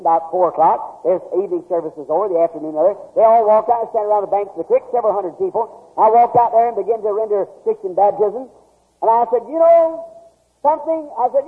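A man's voice: high voice, slightly rough. A male preacher, telling a folksy story in a sermon with rural turns of phrase. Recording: tinny old lo-fi tape in a hall.

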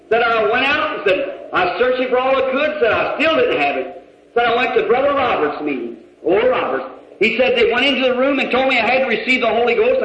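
Man preaching, very high voice, folksy storytelling, dull old echoey hall recording. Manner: folksy, retells a conversation with rising shouts. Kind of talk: sermon storytelling. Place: church hall with congregation.

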